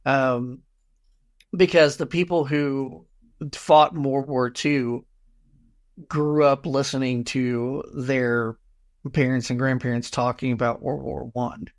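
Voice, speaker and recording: An American podcast co-host muses aloud in a casual discussion, often ending thoughts with a questioning, rhetorical "right?". His voice is medium-pitched with fairly even intonation, and he speaks slowly.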